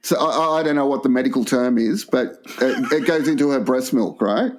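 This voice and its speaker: A man co-hosting a crude comedy podcast, telling long rambling anecdotes in a deadpan way. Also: mid-range voice, fairly quick. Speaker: podcast co-host.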